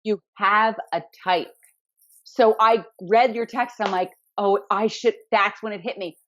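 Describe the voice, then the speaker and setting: A woman's voice: medium pitch, unhurried, fairly bright tone, slight background noise. A woman co-hosting a podcast tells stories in a chatty, teasing way and giggles now and then. Her voice sits in a middle register. The sound is a little dull and lo-fi. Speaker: podcast co-host. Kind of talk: casual chat.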